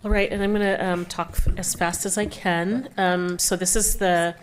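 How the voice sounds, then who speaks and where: Brisk woman reading board policy items. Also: fairly low pitch, fairly even intonation, a little hiss or hum. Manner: brisk, list-like reading with small restarts. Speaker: school board vice chair.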